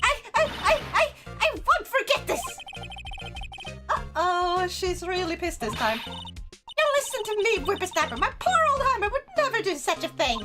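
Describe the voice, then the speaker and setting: A woman voicing an indignant old woman guard who scolds in a high, shrill voice. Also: heavily acted. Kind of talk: game character voice on a stream.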